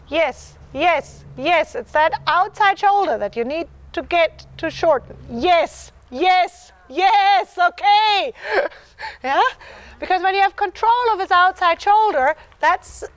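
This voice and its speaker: A woman's voice: very high voice, a bit bright. A woman clinician coaching a dressage rider live. She encourages the rider with repeated yeses and chants the horse's rhythm aloud. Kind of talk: live riding lesson coaching.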